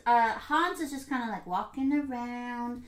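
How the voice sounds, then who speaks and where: A woman with a fairly high voice talks through a movie scene by scene in casual chat. She slips into the characters' voices as she retells what they said. The room around her is echoey. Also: unhurried. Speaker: podcast co-host.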